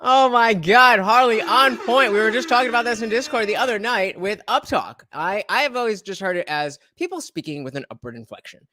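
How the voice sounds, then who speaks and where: A man's voice: high voice, expressive, fairly quick, hardly any pauses, noisy background. A man hosting a livestream reaction, talking in a rambling casual way with many fillers and restarts.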